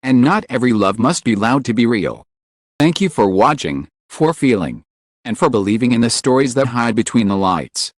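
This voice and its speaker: A man's voice: medium pitch, sing-song, normal speed, no echo, clean studio sound. A man giving a scripted, dramatic narration with solemn, lingering emotional phrasing. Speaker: channel narrator.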